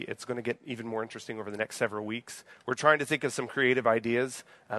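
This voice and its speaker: A man in his thirties, a pastor, preaches an evening sermon in the church sanctuary in a conversational style, often questioning his congregation. The recording is dry, and his mid-range voice sounds a bit bright.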